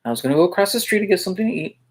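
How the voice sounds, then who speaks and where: A male teacher casually telling funny school stories to his viewers, chatty, with lots of fillers and quick check-ins, often laughing as he goes. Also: high voice, animated. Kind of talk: casual storytelling vlog.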